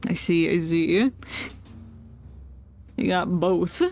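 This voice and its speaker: A talkative streamer with a Northeastern American accent, mid-pitched and easygoing, chatting casually through a let's-play. They laugh often and read the game's lines aloud between remarks, with faint game music underneath. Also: fairly even intonation, extremely slow, creaky, darkish tone. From United States, South and Northeast.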